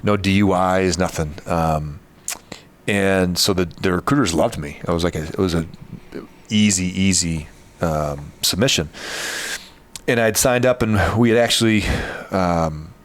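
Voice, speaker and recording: A man's voice: sits low, unhurried. A man from Michigan, hosting a podcast, telling a personal story in an earnest, rambling way with frequent restarts. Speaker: podcast host. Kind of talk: casual storytelling chat.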